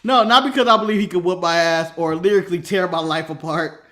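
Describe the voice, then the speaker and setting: An American man co-hosting a casual podcast, excitable and profane, laughing often and acting out quotes. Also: high voice, fast. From United States. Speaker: podcast co-host. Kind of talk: casual wrestling podcast chat.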